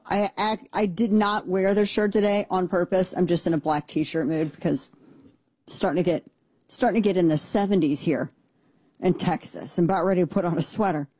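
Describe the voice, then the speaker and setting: A woman's voice: medium pitch, dark tone, no echo. A woman hosting a political talk show, speaking in an emphatic, rambling way with sarcastic asides into a studio mic. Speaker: political commentary host. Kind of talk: casual opinion commentary. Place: home studio in Texas. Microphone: studio mic with headphones.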